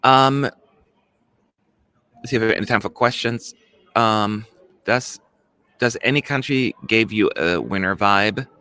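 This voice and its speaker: A man's voice: on the low side, measured pace, pauses often, bright, forceful tone, clear, resonant tone, no room sound. A man hosting a casual live stream, gushing emotionally and moving the chat along with viewer questions. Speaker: stream host.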